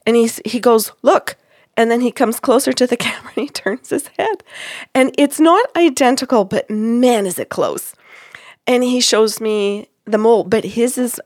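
Woman retelling a reading, animated and dry. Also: mid-range voice, dry recording. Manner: animated retelling, acting out quoted lines with laughs. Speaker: psychic medium recounting a reading. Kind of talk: storytelling in casual chat.

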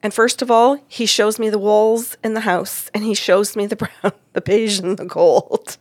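Animated woman telling a story, dry sound. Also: normal speed, no echo. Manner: expressive, acts out quoted voices with big pitch jumps. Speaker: psychic medium recounting a client session. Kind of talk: animated storytelling in casual chat.

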